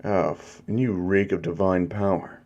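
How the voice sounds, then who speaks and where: A crude, cocky young hero turned hellspawn who swears at everyone, as a man voices him. The voice stays low and dark. It rolls out slowly. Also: steady tone, lo-fi sound.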